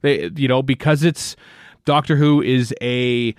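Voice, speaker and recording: A man's voice: mid-range voice, measured pace, smooth, no echo, clean studio sound. A man hosting a podcast in casual chat, talking in a rambling way with many restarts and fillers. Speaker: podcast host.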